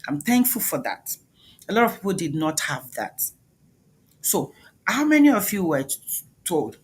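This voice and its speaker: A woman's voice: deep voice, sing-song, moderate pace, husky. A woman with a Nigerian accent giving an emphatic motivational talk, questioning the audience directly. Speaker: speaker, doctor.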